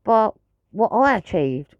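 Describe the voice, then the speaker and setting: A woman's voice: medium pitch, big pitch swings, takes it slowly, no room sound, dull audio. Blunt, swearing woman ranting. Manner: frustrated, blunt, swears freely. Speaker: pet owner vlogger. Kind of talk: ranting monologue to camera.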